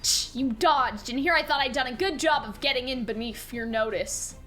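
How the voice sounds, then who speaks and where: A woman's voice: sits high, moderate pace, a bit bright, soft background music, voice pushed down. A woman reading lines as a teasing, sly, ancient male fae warrior from a game.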